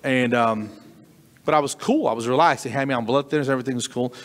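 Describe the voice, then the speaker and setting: A middle-aged man performing stand-up comedy, telling a story with animated delivery and sudden high squeaks of disbelief. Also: quick pace. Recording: long reverberant hall.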